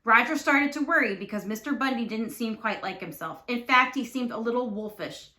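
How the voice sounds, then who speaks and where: A woman teacher reading a storybook aloud with expressive, animated narration. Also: on the high side, fairly quick. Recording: echoey room.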